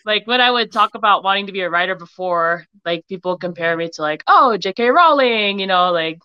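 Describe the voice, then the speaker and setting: A woman's voice: on the low side, steady tone, quick pace, clear, resonant tone, no room sound, lo-fi sound. A young woman author from Hawaii, raised in Utah, chatting casually as an interview guest, giggling often and filling her talk with "like". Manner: giggly, many "like" fillers.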